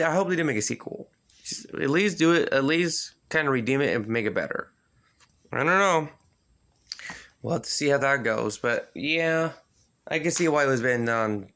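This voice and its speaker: A man casually reviewing movies in a video, rambling with lots of fillers, swearing freely and jumping up in pitch when he gets worked up. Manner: animated, sudden jumps in pitch.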